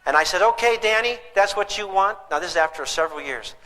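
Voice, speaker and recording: A man's voice: sits high, fast. A middle-aged man giving a live parenting seminar, telling stories with humor to an audience. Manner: humorous, animated storytelling to an audience. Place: seminar hall. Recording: reverberant hall.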